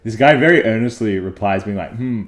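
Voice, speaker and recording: A young man, a podcast co-host, chatting in a relaxed way and leaning on filler words. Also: lowish voice, a little fast, reverberant. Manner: laid-back, chatty, uses many filler words. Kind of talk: casual chat.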